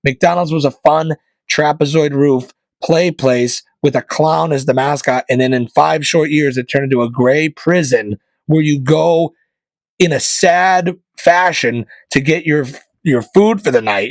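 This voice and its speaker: A man's voice: fairly high pitch, measured pace, dry recording. A male comedian hosting his podcast, delivering a sarcastic, conspiratorial comic rant. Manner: sarcastic, conspiratorial, mocking voices of corporations.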